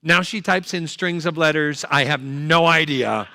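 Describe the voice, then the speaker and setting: Bright-voiced older male stand-up comic. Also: a little high, measured pace, no echo, clean studio sound. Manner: punchy, joking, chatty. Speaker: comedian. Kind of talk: stand-up comedy set.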